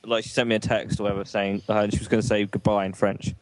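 A man's voice: on the low side, level tone, fast, no echo. Dry-voiced man telling rambling stories. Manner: swears freely, tells rambling anecdotes with laughs. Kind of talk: casual chat.

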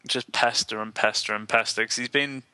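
Bright, jokey man, comedy host. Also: medium pitch, steady tone, a little fast, clear, resonant tone. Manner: joking, laughs often. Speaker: podcast co-host. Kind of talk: casual comedy chat.

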